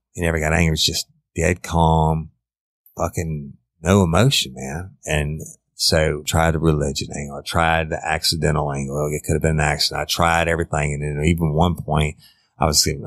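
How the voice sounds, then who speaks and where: A middle-aged former detective, telling a case story in a blunt, profane, casual way. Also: male voice, extremely low pitch, level tone, moderate pace, gravelly, a bit bright, dry recording. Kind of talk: casual true-crime storytelling.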